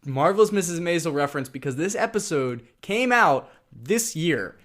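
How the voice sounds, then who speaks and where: A man co-hosts a podcast in a playful, easygoing way, his voice a bit high for a man. He often chimes in to finish his partner's sentences. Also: expressive, normal speed, fairly bright tone. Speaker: podcast co-host. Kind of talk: casual chat reviewing an audio drama.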